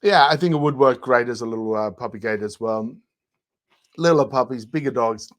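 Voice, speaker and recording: A man's voice: mid-range voice, moderate pace, low-quality recording. A man hosting a live shopping show, walking through each product's features step by step. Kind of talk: product demonstration.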